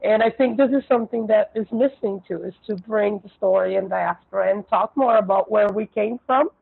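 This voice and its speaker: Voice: medium pitch, fairly quick, vocal fry, breathy edge. A speaker from Brazil, talking thoughtfully in a panel discussion. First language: Portuguese. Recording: tinny phone-like call audio.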